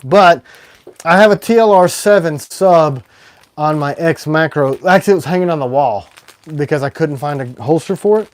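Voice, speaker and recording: A man hosting a casual livestream, rambling and excitable, with sudden swings between loud and quiet. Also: a little high, dry recording. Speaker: knife maker hosting a livestream.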